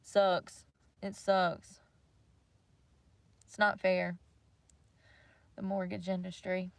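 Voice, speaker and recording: A woman's voice: on the low side, level tone, drawn-out words, creaky, dry recording. Casting: young woman, livestream host, blunt and profane, dry close sound. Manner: blunt, swears freely, venting about money. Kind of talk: casual rant to viewers.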